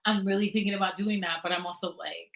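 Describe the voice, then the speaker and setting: A woman chatting casually on a livestream, animated and quick to laugh, often trailing off and restarting. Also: mid-range voice, creaky, a little hiss or hum, rough recording. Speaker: book blogger and guest co-host.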